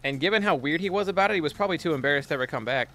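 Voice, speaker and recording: Profane, bright-voiced young male streamer. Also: fairly high pitch, lively intonation, racing, slight background noise. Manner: storytelling, profane, reads chat aloud. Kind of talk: casual gaming stream chat.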